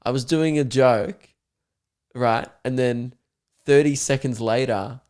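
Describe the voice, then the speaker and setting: A young man, hosting a casual podcast and telling lively stories, acting out the voices of the people in them. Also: medium pitch, slow pace, clean tone. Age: young adult. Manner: animated storyteller who acts out voices of others. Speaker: podcast host and comedian.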